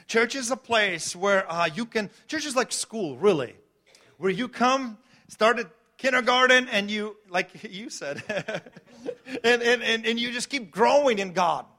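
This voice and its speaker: A middle-aged man preaching a sermon as pastor, swinging between loud emphatic lines and quiet storytelling, laughing between points. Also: very high voice, expressive, unhurried. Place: church.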